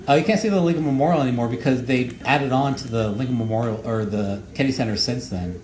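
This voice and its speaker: A man who made the show gives casual audio commentary, rambling and halting with many fillers and repeated words. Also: medium pitch, darkish tone. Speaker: show creator giving commentary. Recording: echoey room with faint noise.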